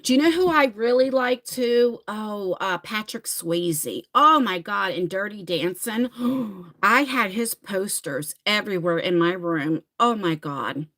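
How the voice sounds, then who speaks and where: A middle-aged woman from New Jersey, with the accent to match, hosts a casual livestream, rambling and reading viewer comments aloud. Her mid-range voice is fairly bright, with lively intonation and a slightly slow pace.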